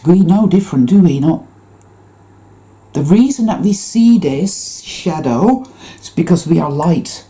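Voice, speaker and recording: A woman's voice: lowish voice, expressive, unhurried, warm tone. A woman giving an intense, rambling spiritual monologue to her viewers, full of swearing. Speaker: spiritual vlogger.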